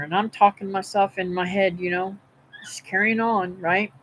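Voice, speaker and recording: A woman's voice: medium pitch, steady tone, moderate pace, fairly bright tone, a little hiss or hum, poor audio. A middle-aged woman, telling a rambling, folksy story to her livestream viewers from home. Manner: chatty, folksy, meandering. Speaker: homestead livestream host. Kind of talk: rambling live-stream storytelling.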